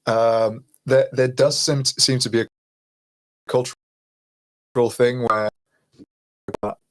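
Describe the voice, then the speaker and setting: A man's voice: medium pitch, steady tone, a little slow, rough recording. A man from Greece chatting casually on a podcast, rambling and laughing a little as he talks. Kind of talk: casual chat.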